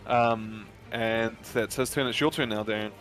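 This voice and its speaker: A man's voice: lowish voice, steady tone, moderate pace, a bit bright, faint music behind. A man running a tabletop game as game master, narrating loosely and hesitantly with many fillers. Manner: loose, hesitant narration full of ums and likes.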